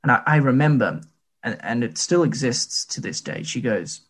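A man in his late twenties talks in a husky, slightly rough voice. His pitch swings in a lively way as he rambles through casual, self-deprecating anecdotes. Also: normal speed. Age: late 20s. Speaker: podcast co-host. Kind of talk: casual chat.

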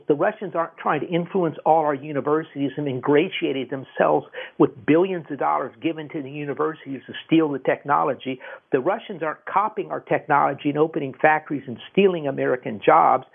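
A gravelly, husky man with a fairly high voice holds forth on a talk radio show, stumbling over repeated words as he presses his points. The sound is thin and tinny, like a phone line. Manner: emphatic, repeats words and restarts often. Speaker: radio host. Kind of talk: political commentary on talk radio.

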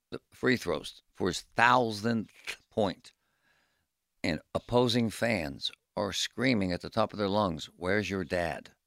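A middle-aged man co-hosting a radio talk show, telling stories in an animated, ranting way. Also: lowish voice, creaky, no room sound, clean studio sound. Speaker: radio co-host. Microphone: studio microphone.

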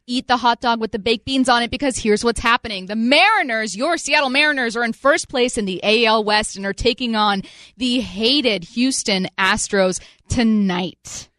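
A woman co-hosting a sports talk radio show, her voice a touch high and bubbly. She teases her co-host in an excitable, chatty way. The studio mic is close and dry. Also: moderate pace, dry recording. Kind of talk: casual sports radio chat.

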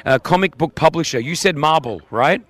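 A man's voice: fairly high pitch, expressive, fairly bright tone. A man hosting a radio breakfast show, chatty and punning as he runs a quiz with a caller. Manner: chatty, jokey, quick with puns. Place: radio broadcast set up in a museum.

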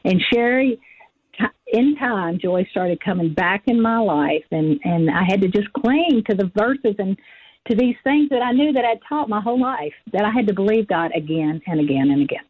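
A woman's voice: medium pitch, animated, normal speed. A woman in her forties, a guest author, telling an earnest and emotional personal story in an interview, often acting out what she thought and said. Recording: dull lo-fi audio.

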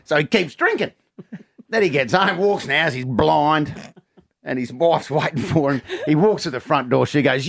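A man's voice: fairly high pitch, normal speed, gravelly, fairly bright tone, dry recording. An Australian man, a comedian guest in a radio studio, chatting and telling a joke with big character voices.

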